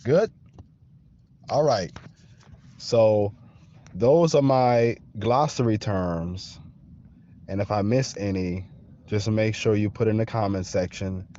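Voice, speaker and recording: Slow-talking New man, low voice. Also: mellow, dull audio. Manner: slow, checks in with the listener often. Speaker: podcast host. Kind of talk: casual monologue.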